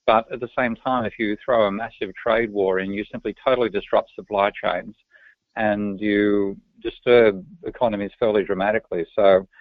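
Aussie guy being interviewed, lowish voice, blunt, keeps restarting, sounds like a dry phone call. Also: steady tone, moderate pace, no room sound. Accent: Australian. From Australia. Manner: frank, opinionated, self-correcting restarts. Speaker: guest. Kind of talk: podcast interview answers.

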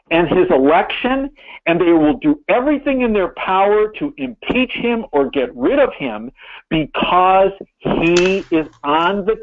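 Older man, interview guest, high-pitched, restarts a lot, emphatic, tinny phone sound. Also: a little hiss or hum. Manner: rambling with many restarts, emphatic.

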